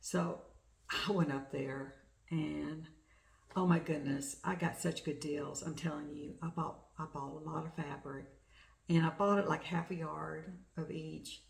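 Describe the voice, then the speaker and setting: A middle-aged woman from the United States, hosting a crafting vlog and chatting excitedly about her shopping. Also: low voice, unhurried, vocal fry, crowd noise. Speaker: flosstube host. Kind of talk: casual crafting vlog chat. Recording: echoey room.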